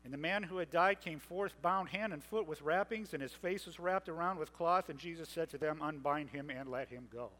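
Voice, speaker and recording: A man's voice: a little high, a little fast, hardly any pauses, fairly bright tone, long reverb tail, poor audio. A man preaching a sermon, retelling scripture in a conversational way and slipping into playful modern paraphrases.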